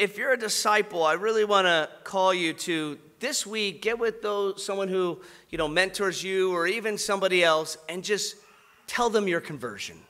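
A man's voice: high-pitched, pushed and bright, big-room sound. A man preaching a sermon, moving from a personal testimony to fervent calls to his congregation. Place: large church hall.

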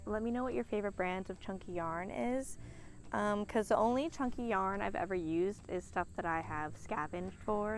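A young woman chatting casually in a crafting vlog, bubbly and gushing, sometimes counting stitches under her breath. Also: mid-range voice. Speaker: crafting vlogger.

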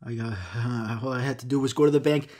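A man's voice: mid-range voice, a little fast, mellow. A man hosting a podcast, telling a comic story in a rambling, profane way and acting out the quotes. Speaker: podcast host.

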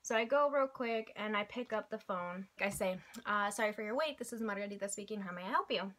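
A young woman chats away to her friend in a loose, animated way, acting out the people in her story. Her voice sits at an ordinary middle pitch and she fills her talk with easy, everyday phrasing. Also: a little fast. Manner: animated, chatty, quotes people in little voices. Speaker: vlog host. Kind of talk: casual chat, storytelling.

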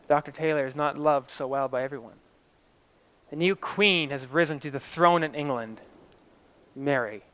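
A man's voice: medium pitch, sharp tone, clear, resonant tone. A man telling a story in a vivid present-tense style, swelling and dropping his voice for drama.

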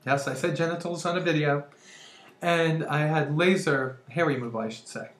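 A woman's voice: sits low, normal speed. A woman in her forties talking energetically and chattily to camera at home, laughing often. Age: 40s. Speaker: vlogger. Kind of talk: casual vlog monologue. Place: room at home. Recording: roomy echo.

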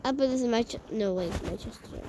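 A woman playing a game and chatting to viewers, excitable and talking to herself, often dropping to a hushed whisper. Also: a little high, fast, noisy background. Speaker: gaming vlogger.

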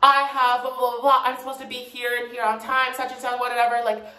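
A woman's voice: on the high side, flat delivery, fairly quick, sharp tone. A woman mimicking a pushy lady shopper who complains and demands in a whiny, impatient rush, her voice bouncing around an echoey room. The complaints pile up as she grumbles at the staff. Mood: angry. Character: rude impatient woman customer.

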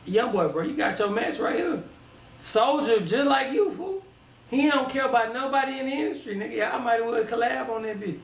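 A man hosting a reaction video, chatting casually and laughing with excitement. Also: extremely high pitch, brisk. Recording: echoey room.

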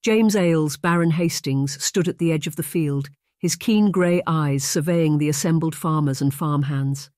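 Measured audiobook narrator, dry recording. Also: mid-range voice, a little mellow, dry recording. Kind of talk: scripted narration.

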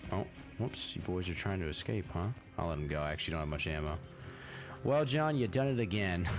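A man doing casual let's-play commentary, excitable, swearing a lot, laughing often and talking to his character. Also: deep voice. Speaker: gaming streamer. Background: game music.

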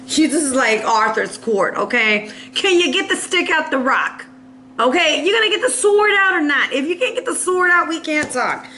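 A woman's voice: high-pitched, lively intonation, moderate pace, pushed and bright, echoey room, a little hiss or hum. A woman giving a casual, playful tarot reading, laughing often and acting out little voices, with a cough now and then. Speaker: tarot reader.

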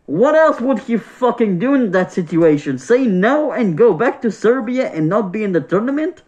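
A man's voice: sits high, big pitch swings, moderate pace, a little mellow. A man vlogging a casual opinion rant, exasperated and profane, repeating himself as he talks. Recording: dull lo-fi sound.

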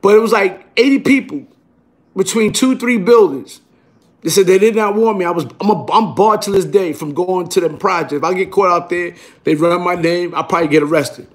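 A man's voice: sits high, a little fast. A middle-aged man with a New York accent telling a casual story in streetwise, profane slang, checking in with the listener again and again. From Brooklyn, New York. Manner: streetwise, profane, keeps asking "you heard?".

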